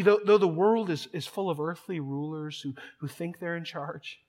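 A man preaching a sermon, emphatic and repeating words as he builds each point. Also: fairly high pitch. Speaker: pastor.

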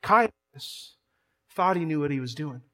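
A man's voice: a little high, lively intonation, a little slow, bright, forceful tone. A man preaching a sermon, emphatic and repeating words as he builds each point. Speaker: pastor.

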